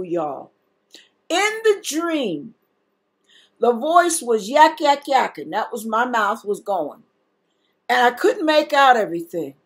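A woman preacher, giving an earnest sermon. She talks slowly and sincerely, and her voice can break with feeling. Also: a little high, husky. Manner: emotional, tearful at times, earnest. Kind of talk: sermon-style teaching and testimony.

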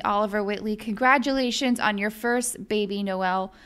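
A young woman giving excitable, chatty let's-play commentary as a gaming video host, thinking aloud as she plays. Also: medium pitch, normal speed, few pauses, clear, resonant tone.

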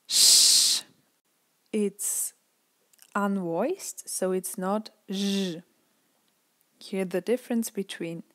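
A woman gives a pronunciation lesson at a very slow, deliberate pace. She says example words carefully, one at a time, and repeats them for the learner. Her voice sounds dry and close, with no room around it. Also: mid-range voice, dry recording. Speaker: language teacher.

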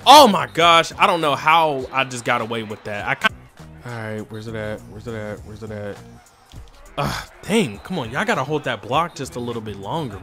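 A man with a bright, forceful voice runs casual commentary over his own football video game, one moment mumbling to himself and the next shouting at the screen. A faint bed of music plays underneath him. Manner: talks to himself, swings from low muttering to excited yelling. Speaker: gaming channel host.

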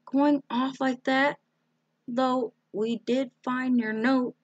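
A woman's voice: sits high, fairly even intonation, takes it slowly, no echo, lo-fi sound, voice pushed up. A woman voicing a kindly, fussing plump mother with a motherly manner.

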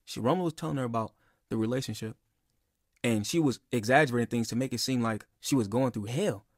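A man's voice: mid-range voice, a little fast, no echo, studio quality. A young man telling a personal story in a casual, rambling and heated way, with lots of "bro" and "like.". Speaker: podcast speaker.

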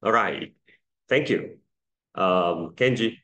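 Slow-talking male pronunciation teacher. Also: sits low, bright, forceful tone. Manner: slow, patient drilling, repeating sounds for students. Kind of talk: classroom lesson.

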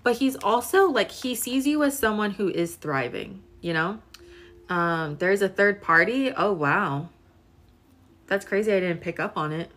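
A young woman in her twenties does a casual tarot reading on a live stream, chatting to viewers and using lots of filler words. Her mid-range voice is expressive and a bit bright, and she speaks a little slowly.

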